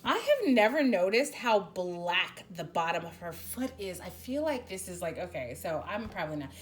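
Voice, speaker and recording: A woman's voice: medium pitch, slight background noise. A woman doing a casual spoken tarot reading. She talks bluntly, swears freely and rambles with many restarts. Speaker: tarot reader.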